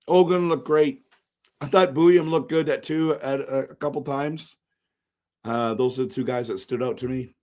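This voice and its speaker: A man hosting a casual hockey livestream with a hoarse, strained voice. He rambles, reads viewer comments aloud and jumps into excited outbursts. His pitch sits in an ordinary middle range. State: hoarse, voice shot. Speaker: hockey fan streamer hosting a post-game show. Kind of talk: casual live-stream chat.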